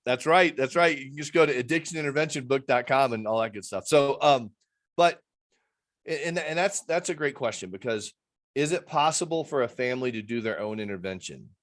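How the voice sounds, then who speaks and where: A man's voice: medium pitch, expressive, brisk, fairly bright tone. A man with a mid-range voice talks as a guest on a video call about his intervention work. He rambles earnestly and slips into the voices of the people he quotes.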